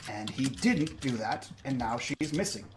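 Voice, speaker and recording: A man voicing a smooth, genial male camp leader who speaks calmly and politely. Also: mid-range voice, measured pace, noisy background, natural voice. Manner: genial and unbothered.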